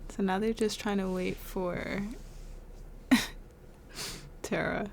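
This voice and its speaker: A let's play host narrates a life-sim game playthrough in a gravelly, medium-pitched voice with a steady tone, unhurried and easygoing. She's chatty and amused, giggling often, and a faint hiss runs beneath her desk-mic recording.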